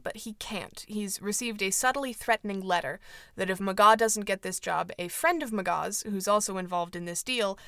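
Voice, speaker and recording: A woman's voice: medium pitch, a bit bright, dry recording, clean studio sound. A woman hosting a book club show, summarizing an old novel with wry, joking asides.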